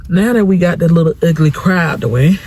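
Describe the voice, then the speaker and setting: A woman's voice: lowish voice, quick pace, a little mellow, a little hiss or hum. A woman hosting a vlog, chatting candidly to viewers about parenting her teenage son and repeating phrases for emphasis. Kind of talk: candid casual chat to viewers.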